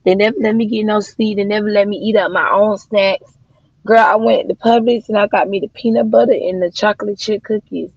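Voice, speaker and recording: A woman's voice: mid-range voice, steady tone, brisk, a little mellow, breathy edge, no room sound. A woman talks loosely on her livestream, cussing freely and calling her viewers y'all and child. Her voice is dry and close, with a slightly dull, lo-fi sound. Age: adult mother of daughters. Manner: chatty, swearing, addressing viewers as y'all and child. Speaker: livestream host. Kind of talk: casual livestream chat.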